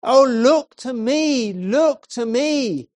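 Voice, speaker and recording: The voice rises high and loud as a preacher puts on a humble, plain-spoken lay preacher, fervent and blunt. He repeats his call urgently and insistently, in slow, deliberate phrases. The sound is close and dry, with no room echo. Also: expressive. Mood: fervent pleading. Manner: pleading, insistent repetition.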